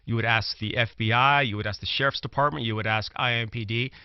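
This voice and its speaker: This medium-pitched man talks fast, with fairly even intonation and a clear, resonant tone free of echo. A commentator and former prosecutor from Brooklyn, New York, he argues emphatically on a political talk show, repeating phrases, in a dull, dry lo-fi recording.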